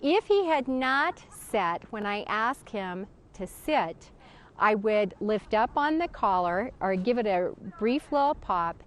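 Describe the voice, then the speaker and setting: A woman's voice: medium pitch, big pitch swings, slow pace. A woman dog trainer giving casual spoken instruction, explaining and demonstrating commands with a dog.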